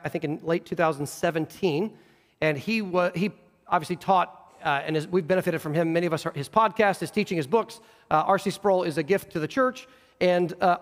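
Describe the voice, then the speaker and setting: A man's voice: high voice, long reverb tail. A man preaching a sermon in earnest, acting out quoted voices, with frequent restarts. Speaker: pastor. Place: church sanctuary.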